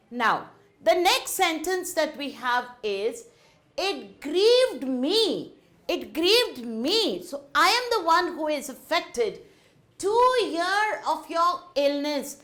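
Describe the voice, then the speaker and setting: Slow, lively Indian woman teaching grammar. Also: high voice. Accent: Indian English. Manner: slow, sing-song teacherly delivery, often addressing children. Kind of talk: classroom grammar lesson.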